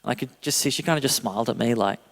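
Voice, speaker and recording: A man in his thirties preaching a sermon as a pastor, telling a self-deprecating story with animated delivery and frequent laughter. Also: medium pitch, racing, vocal fry. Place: church hall. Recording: long hall reverb.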